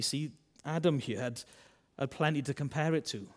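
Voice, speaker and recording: A man's voice: fairly high pitch, normal speed, few pauses. A man preaching a sermon, asking his congregation rhetorical questions. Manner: conversational, asks rhetorical questions; acts out voices of biblical characters.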